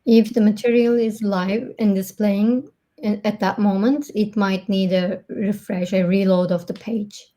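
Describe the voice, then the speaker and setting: A woman from customer support is presenting a live webinar demo over a video call. Her voice is warm and mellow, and her explanations are patient. She often stops on small ums between her points. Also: mid-range voice, steady tone. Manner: hesitant, pauses with ums. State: out of breath.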